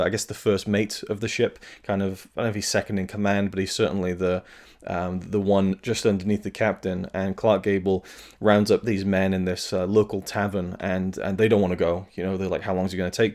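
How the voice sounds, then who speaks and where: Guy with a lowish voice talking thru a movie review, lots of um and uh, restarts, kinda earnest. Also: darkish tone. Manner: rambling, with many fillers and restarts; earnest, occasionally swears. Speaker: film reviewer. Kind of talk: casual spoken film review.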